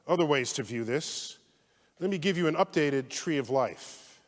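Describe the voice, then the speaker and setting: A man giving an animated public science lecture, theatrical, swinging from loud outbursts to hushed asides. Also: on the high side, normal speed. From United States. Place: large lecture hall. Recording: long hall reverb.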